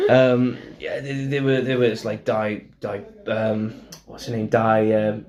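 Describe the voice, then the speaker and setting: A man's voice: on the low side, flat delivery, unhurried. A man with a Welsh accent hosting a casual podcast chat, rambling and emphatic, swearing now and then. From Wales. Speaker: podcast host.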